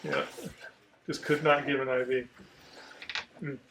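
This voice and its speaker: Man, casual host, bright and forceful tone, swears a lot, animated storyteller. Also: mid-range voice, unhurried, a little hiss or hum. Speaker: podcast host, Marine veteran.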